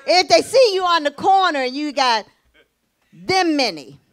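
Woman, preacher, high pitch, sermon, storytelling, laughing, exclamations. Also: slow pace. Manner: lively storytelling with laughs and sudden rising exclamations. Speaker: pastor.

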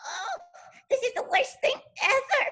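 A woman's voice: high voice, expressive, slow, fairly bright tone, full character voice. A woman voicing a young girl pig puppet who is childlike and easily upset, in a children's puppet show. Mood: distraught. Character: young female pig puppet, sweet and excitable.

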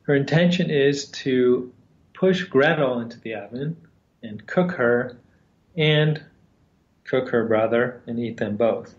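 Slow, halting male storyteller. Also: mid-range voice. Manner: slow and halting, with long pauses and fillers. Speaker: storyteller and teacher. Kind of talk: storytelling in a lesson. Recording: roomy, slightly dull sound.

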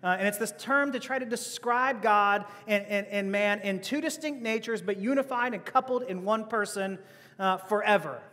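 High-pitched guy preaching, chatty, laughs a lot, long echo like a big hall. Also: moderate pace, sharp tone. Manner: conversational, laughing asides, rhetorical questions. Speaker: pastor. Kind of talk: sermon. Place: church hall.

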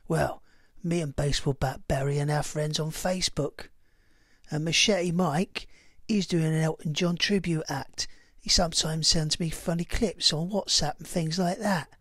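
A gravelly, husky cockney geezer, put on by a middle-aged man in a comic vlog, boasting and cheeky. The voice is rough and breathy with a dry, close sound from a bedroom. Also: medium pitch, fairly bright tone, dry recording, exaggerated voice. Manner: boastful, cheeky, swaggering delivery. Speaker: comedy vlogger. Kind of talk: comic monologue in a put-on character voice.

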